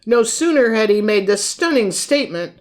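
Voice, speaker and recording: A woman co-hosting a podcast, reading aloud from her own book and old news clippings in a measured way, naming and quoting her sources. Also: on the high side, animated, darkish tone. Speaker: podcast co-host and author. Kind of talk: reading aloud from research notes.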